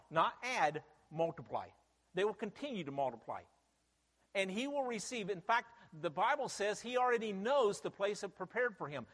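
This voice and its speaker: A man delivers a sermon with a high, animated voice that climbs and drops as he stresses his points. He keeps throwing rhetorical questions at the listeners. His voice carries a long reverb from a large hall. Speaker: preacher.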